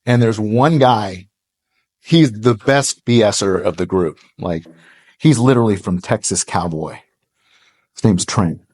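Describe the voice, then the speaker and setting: A man's voice: fairly low pitch, a little slow, darkish tone, slightly rough. A middle-aged man preaching a sermon, telling stories with animation and acting out quoted voices. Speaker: pastor. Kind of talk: sermon storytelling. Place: church hall, live audience.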